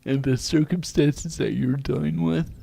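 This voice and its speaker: A man's voice: a little high, fairly even intonation, vocal fry, mellow, husky, dry recording. A man who is a guest speaker, telling stories and speaking earnestly about faith in a podcast interview. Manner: slow, deliberate, earnest, faith-based.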